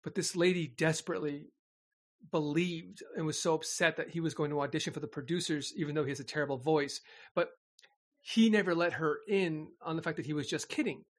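Guy chatting, kinda high voice, animated storytelling, swears casually. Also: a little fast.

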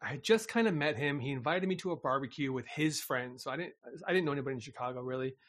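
A man telling a story in casual chat, animated and laughing often. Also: medium pitch, quick pace.

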